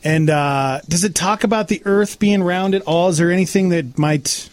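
A man's voice: sits high, moderate pace. A man co-hosting a casual chat, playful and musing as he tosses out ideas. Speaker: podcast co-host.

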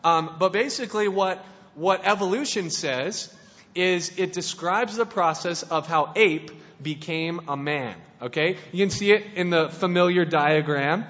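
High-voiced man preaching in a reverberant hall. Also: unhurried, fairly bright tone. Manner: playful and conversational, with many restarts. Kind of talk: casual sermon. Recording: dull, lo-fi sound in a reverberant hall.

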